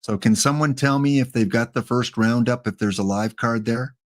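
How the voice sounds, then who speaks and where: Regular guy running a game livestream, easygoing, middle pitch, just talking to chat. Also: moderate pace. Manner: chatty, talks to viewers by name, reads out rules. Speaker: game stream host. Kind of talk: casual live-stream chat.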